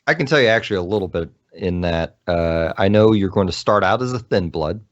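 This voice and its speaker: A man with a lower voice lays out his ideas on a games podcast, hedging and filling pauses with "um" and "like". His voice comes through dull lo-fi audio. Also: lively intonation. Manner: thoughtful, hedging, explains with fillers. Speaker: podcast co-host. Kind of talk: casual podcast chat about games.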